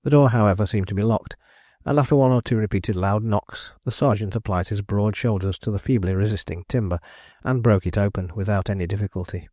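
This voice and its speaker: A man reading a novel aloud as an audiobook narrator, in measured, deliberate scripted narration. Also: fairly low pitch, mellow, no echo, clean studio sound.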